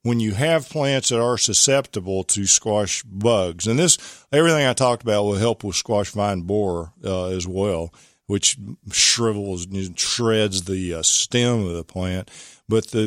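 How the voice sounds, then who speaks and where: A man's voice: lowish voice, no echo, clean studio sound. A man hosting a call-in gardening radio show, giving rambling, folksy advice and spelling out product names.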